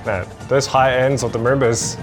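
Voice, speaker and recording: Chatty, excitable young man hosting. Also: mid-range voice, normal speed, over music. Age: 20s. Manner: chatty, excitable, laughs often. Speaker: host. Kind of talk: casual reaction video. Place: home studio. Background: marching percussion show playing.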